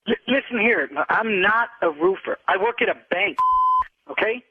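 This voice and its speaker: A man's voice: high-pitched, normal speed, very noisy. A man arguing indignantly on a phone call, hurling insults and tacking "man" onto his sentences. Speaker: prank call target. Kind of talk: heated phone argument. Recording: husky tinny phone line.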